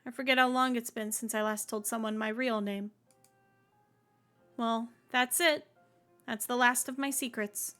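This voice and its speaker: A woman reading as a slow, wistful young noblewoman. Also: fairly high pitch, fairly bright tone.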